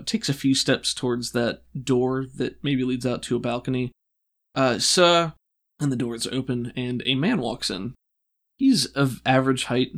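A man working as game master, narrating a tabletop role-playing game in a relaxed, descriptive way with frequent fillers. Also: medium pitch.

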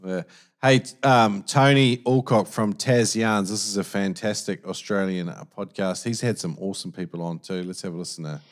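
Low-voiced, halting podcast host man. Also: steady tone. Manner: halting, lots of restarts and fillers, earnest. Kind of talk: casual podcast chat.

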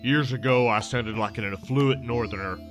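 A man playing a hammy infomercial pitchman with a put-on Texan drawl. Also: normal speed, music in the background, lightly acted. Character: gravelly southern male cult-like water salesman.

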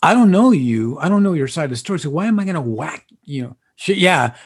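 Man, podcast co-host, laid-back slangy chat, gravelly, husky. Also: a little high, very animated, quick pace. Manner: laid-back, slangy, mixes in Spanish words. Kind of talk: casual chat.

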